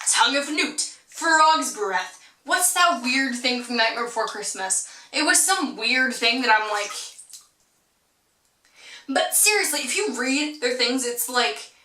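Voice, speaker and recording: A young woman with a high, bright voice rambles through a casual vlog, giggling and teasing with playful sarcasm. The sound is roomy and echoey, picked up from a few feet away. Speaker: vlogger. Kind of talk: casual chat to camera. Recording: roomy echo, mic at a distance.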